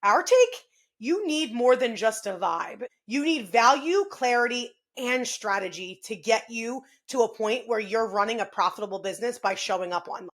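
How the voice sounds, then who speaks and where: A woman's voice: fairly high pitch, lively intonation, moderate pace. A woman in her thirties co-hosting a podcast, chatting in an upbeat way and laughing often. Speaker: podcast co-host. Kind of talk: casual podcast chat.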